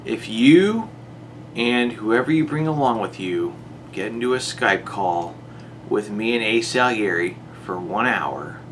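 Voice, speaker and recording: A man's voice: fairly low pitch, expressive, unhurried, fairly bright tone, a little hiss or hum. A man delivering an exasperated monologue to a rival YouTuber, his voice jumping up on rhetorical questions. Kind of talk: monologue to camera.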